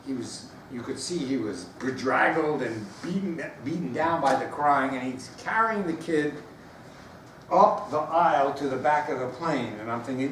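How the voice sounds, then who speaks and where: A man giving a storytelling speech, animated and acting out the voices of the people in it. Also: fairly high pitch, normal speed. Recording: roomy echo, distant mic, background noise.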